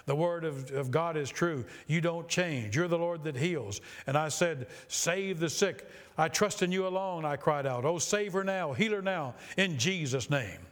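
Impassioned male preacher reading aloud. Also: fairly high pitch. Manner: impassioned reading that slows for emphasis. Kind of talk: sermon reading a story aloud.

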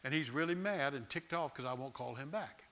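A middle-aged pastor, preaching in a conversational, storytelling way and often repeating words. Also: male voice, medium pitch, a little fast, a bit bright. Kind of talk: sermon.

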